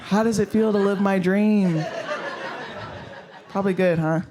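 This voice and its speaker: Steady in tone and measured in pace, this high-voiced man is a stand-up comedian playing a comedy venue. He delivers his set bluntly, ribbing himself, cursing freely, and talking to the crowd head-on.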